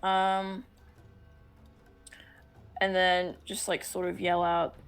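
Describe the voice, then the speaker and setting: A woman's voice: lowish voice, monotone, very slow, clear, resonant tone, soft background music. A young woman playing a tabletop game, casual and hesitant with lots of ums. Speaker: player.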